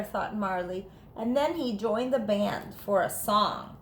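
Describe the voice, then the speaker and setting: A woman teacher reading a children's storybook aloud in an animated, playful way. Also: medium pitch, slow pace, slight background noise. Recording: echoey room.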